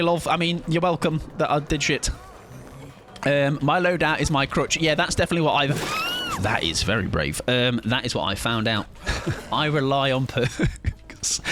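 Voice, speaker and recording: A man's voice: medium pitch, background noise. A man streaming a game live, chatting with his viewers in a casual, jokey way. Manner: chatty, jokey, reads chat aloud. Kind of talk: casual live-stream chat while gaming.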